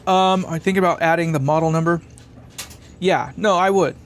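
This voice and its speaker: A man's voice: on the high side, fairly even intonation, normal speed, slight background noise. A man hosting a live stream from a workshop bench, thinking aloud and chuckling as he reads comments. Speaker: live-stream host building a guitar amp. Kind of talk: casual live-stream chat, reading comments.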